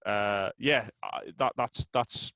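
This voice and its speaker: A man guesting on an interview, explaining his approach in a steady, thoughtful way. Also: on the low side, clean tone, no echo, poor audio. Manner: measured, explanatory, with fillers and restarts. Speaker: guest, sales software co-founder. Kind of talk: casual interview chat.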